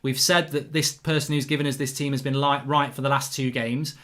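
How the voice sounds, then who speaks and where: A middle-aged man hosts a casual football fan stream, reading out viewers' comments and answering them in an animated, excitable way, swearing freely and often restarting his sentences. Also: medium pitch, fairly quick. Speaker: football fan channel host reading live chat.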